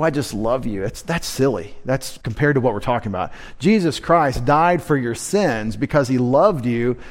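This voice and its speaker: A pastor preaches a midweek sermon in a medium-pitched voice, speaking emphatically, posing rhetorical questions and quoting scripture.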